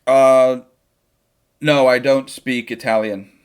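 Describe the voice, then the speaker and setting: A man's voice: mid-range voice, steady tone, slow pace, clear, resonant tone. A young man with an ordinary mid-range voice talks over a live football match from his home setup. He chats loosely and jokes as the game goes on. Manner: chatty, jokey, reacting to the match. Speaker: football watchalong streamer. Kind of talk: live match watchalong chat.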